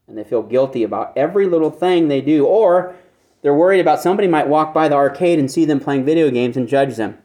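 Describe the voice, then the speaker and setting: Male pastor, fairly high voice, conversational sermon, rhetorical questions, repeats phrases for emphasis. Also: lively intonation, quick pace, darkish tone. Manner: asks the listeners frequent rhetorical questions.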